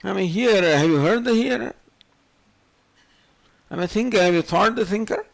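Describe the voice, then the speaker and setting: A man's voice: sits high, normal speed, gravelly. An older man giving a spiritual lecture on scripture, questioning his listeners again and again. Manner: questioning, rhetorical, animated. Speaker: swami teaching scripture.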